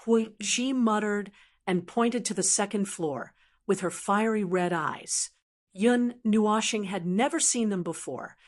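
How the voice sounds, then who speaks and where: A woman reads a fantasy audiobook aloud in a steady, even narration. Her voice sits at a plain middle pitch and keeps an unhurried storytelling flow. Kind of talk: scripted narration.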